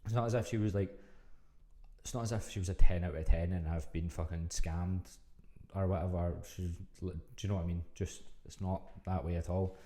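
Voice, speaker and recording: A Scottish man hosting a podcast, telling a story in a casual, animated way and swearing freely. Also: sits low, a little fast, slight background noise. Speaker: podcast host.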